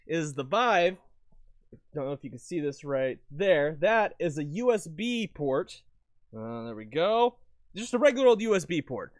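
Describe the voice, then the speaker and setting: A man talking casually about his recording setup into a lavalier mic at home, rambling and correcting himself with sudden bursts of excitement. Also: a little high, no room sound. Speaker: video creator. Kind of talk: casual gear talk to camera.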